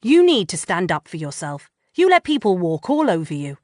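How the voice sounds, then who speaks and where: A woman's voice: fairly low pitch, big pitch swings, moderate pace, no room sound, clean studio sound. A woman voicing a blunt, bossy female friend in an audiobook. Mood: scolding. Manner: blunt, lecturing.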